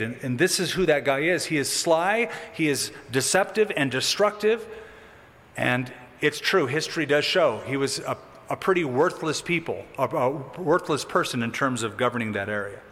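A man delivers a sermon in a fairly high voice, with theatrical swings between emphatic bursts and quiet, low asides. The sound carries a long reverb tail, as in a large church sanctuary. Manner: animated, dramatic with sudden drops. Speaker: pastor.

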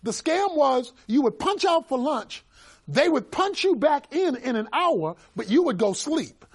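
Animated male preacher, very high and expressive voice, storytelling sermon with bursts of shouting. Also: a little slow. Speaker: pastor.

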